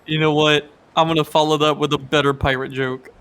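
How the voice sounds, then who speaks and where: A man's voice: on the high side, little pitch movement, a little fast, fairly bright tone, smooth. A man co-hosting a game stream in casual chat, telling corny jokes. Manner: joking, tells groan-worthy punchline jokes. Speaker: guest co-streamer.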